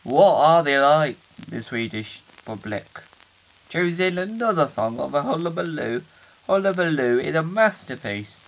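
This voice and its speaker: With a fairly high voice, lively intonation and a slightly slow delivery, a UK man voices an earnest, rambling dad hesitantly recording a video diary for his kids and interrupting himself. This comic character monologue has poor audio.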